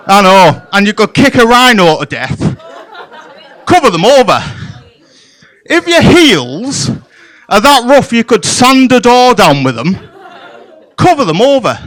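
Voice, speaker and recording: Guy doing stand-up, high voice that jumps all over, cheeky and crude, live club. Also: measured pace, long pauses. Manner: bawdy, playful, deadpan asides to the crowd. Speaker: stand-up comedian. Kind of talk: stand-up comedy set. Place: comedy club stage.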